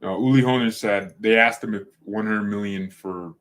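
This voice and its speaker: A man's voice: on the low side, steady tone, moderate pace, a bit bright. A man hosting a fan channel in casual livestream chat, rambling, correcting himself and joking. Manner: rambling, self-correcting, jokey.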